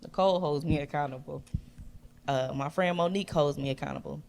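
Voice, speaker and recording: A woman's voice: sits low, fairly quick, gravelly, a little mellow. A woman who is a guest on a panel, chatting casually and chiming in with her own experience.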